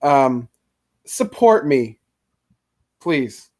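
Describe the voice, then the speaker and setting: A man's voice: mid-range voice, big pitch swings, very slow, darkish tone. A man co-hosting a casual podcast chat, rambling with lots of filler words. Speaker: podcast co-host.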